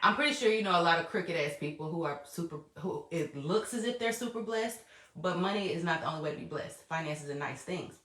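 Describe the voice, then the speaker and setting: Animated and a little fast, a woman with a fairly low, fairly bright voice hosts a podcast by herself. She laughs often, swears freely and chats casually right to her listeners, recorded via laptop or voice memo in an echoey space.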